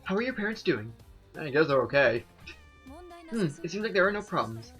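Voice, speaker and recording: A man reading the lines of a calm, businesslike woman boss from a game in a flat, steady voice. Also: a little high, brisk, soft background music. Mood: matter-of-fact. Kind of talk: reading game dialogue aloud.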